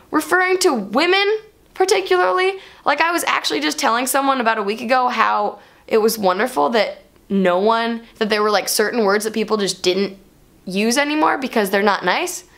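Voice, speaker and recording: A woman vlogger telling a personal story to camera in an animated, expressive way. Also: fairly high pitch, brisk.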